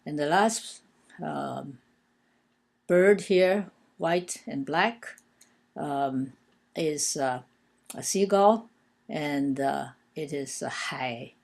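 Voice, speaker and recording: A woman with a low voice and a gravelly, creaky edge gives a language lesson. She talks slowly, patiently and deliberately. She stops often for filler sounds while she explains characters one at a time. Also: a little mellow. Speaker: language teacher.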